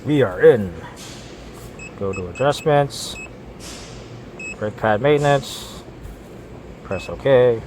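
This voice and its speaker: Man mechanic, casual repair walkthrough, mid-pitched, stumbling restarts, faint background noise. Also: animated, slow, pauses often, darkish tone. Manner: rambling, repeats words and restarts often. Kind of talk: casual how-to narration while working. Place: auto repair shop.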